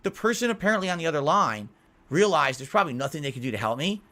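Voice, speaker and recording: A man's voice: on the high side, big pitch swings, fast, sharp tone. A man telling a story on a commentary podcast, acting out both sides of his phone calls.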